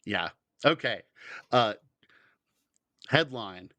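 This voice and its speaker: A man's voice: medium pitch, animated, moderate pace, sharp tone, no echo. A man co-hosting a comedy podcast, reading out news stories and laughing easily. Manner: laughs easily, reads headlines aloud. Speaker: podcast co-host.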